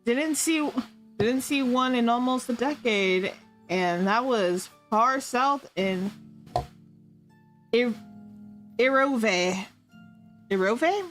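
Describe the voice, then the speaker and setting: A woman's voice: on the high side, animated, extremely slow, pauses often, a bit bright, soft background music. A woman streamer doing giggly, playful improvised role-play, stumbling over made-up fantasy names.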